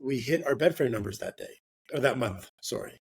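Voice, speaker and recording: A middle-aged man tells a work story in an easy, rambling way, leaning on fillers and a habitual "right?", with the odd curse word. His voice sits at an ordinary middle pitch. The recording is dry and close, with no room sound around him. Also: lively intonation, a little fast, vocal fry, breathy edge, dry recording. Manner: rambling, filler-heavy, swears, ends with "right?". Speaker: real estate agent guest. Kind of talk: casual storytelling interview.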